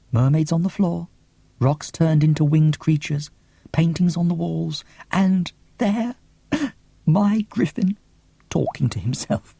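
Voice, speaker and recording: Theatrical husky-voiced male storyteller. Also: a little high, warm tone, dry recording. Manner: theatrical, lots of gasps and whispers. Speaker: audiobook reader. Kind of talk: expressive audiobook narration.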